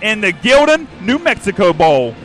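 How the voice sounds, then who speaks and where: An upbeat man with a fairly high voice co-hosts a fan sports podcast. He runs the pregame segments in an announcer-like way and spells numbers out slowly and carefully. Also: big pitch swings, faint music behind. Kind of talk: pregame sports broadcast banter.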